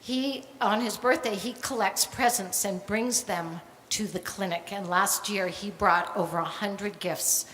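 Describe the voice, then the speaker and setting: A woman's voice: medium pitch, unhurried, hardly any pauses, a little hiss or hum. Older woman telling a story in an echoing hall. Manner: animated, acts out the voices of people in her story. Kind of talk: live stage storytelling. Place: stage at a live storytelling night in a hall. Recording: echoey hall with long reverb, faint ambience.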